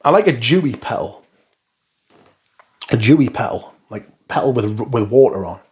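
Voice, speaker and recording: A man's voice: medium pitch, lively intonation, normal speed, darkish tone, husky. Blunt, sweary man reviewing perfume. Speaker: fragrance reviewer. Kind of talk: casual first-impression review.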